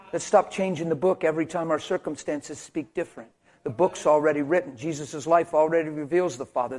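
A man preaching a sermon with passion, swinging from loud, shouted exhortation to quiet, intense speech. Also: fairly high pitch.

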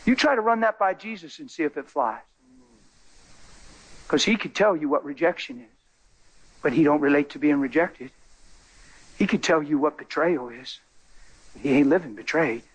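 Male preacher, fairly high husky voice, lively storyteller. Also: normal speed, long pauses. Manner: animated, acts out people in his stories. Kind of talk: sermon with storytelling.

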